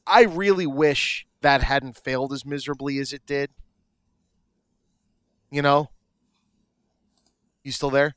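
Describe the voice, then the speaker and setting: Excitable young man, dry close mic. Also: medium pitch, slow pace, long pauses, clean tone, dry recording. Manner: excitable, frequent restarts and swearing. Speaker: podcast co-host. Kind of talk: casual chat.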